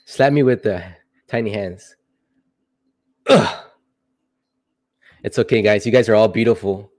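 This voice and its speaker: A man's voice: fairly low pitch, a little slow, long pauses, a little mellow. A young man hosting a casual livestream, answering chat questions in a rambling, playful way with joking asides.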